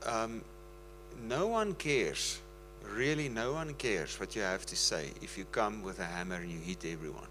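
A man's voice: fairly low pitch, noisy background. A man preaching in a casual, earnest and pleading way, often slipping into laughter. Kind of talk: casual sermon talk.

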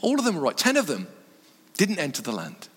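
A man preaching a sermon in earnest short phrases, dropping his voice low on key words. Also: huge pitch swings, fairly quick, a bit bright, breathy edge. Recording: long reverb from a hall.

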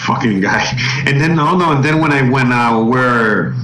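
A man's voice: medium pitch, a bit bright, far from the mic. A man telling a story in casual chat, profane and rambling, with lots of fillers. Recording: echoey room, speaker off-mic.

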